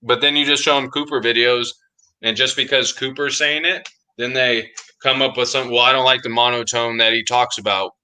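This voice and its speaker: Casting note: male podcast co-host, bright forceful tone, emphatic and insistent, casual slangy chat. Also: mid-range voice, steady tone, normal speed, smooth, rough recording. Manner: emphatic, insistent, says "dude" a lot.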